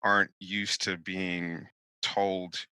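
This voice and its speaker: A man's voice: low-pitched, flat delivery, drawn-out words, sharp tone, clean tone, no room sound, low-quality recording. A man co-hosting a podcast in casual discussion, talking bluntly and thinking aloud with restarts. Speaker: podcast co-host.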